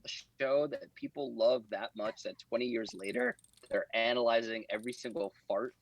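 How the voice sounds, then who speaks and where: A man in a casual chat, telling stories in an animated, chatty way. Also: medium pitch, moderate pace, rough recording.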